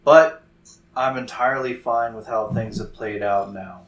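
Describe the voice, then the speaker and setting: A man playing a gentle, formal young adventurer, speaking in a measured, careful way. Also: fairly low pitch, roomy sound, lightly acted, low-quality recording.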